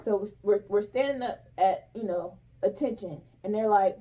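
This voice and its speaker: A woman's voice: medium pitch, moderate pace. A woman in her thirties casually telling a story in a vlog, acting out commands and groans, a little out of breath. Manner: animated, acts out drill commands and groans. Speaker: vlogger.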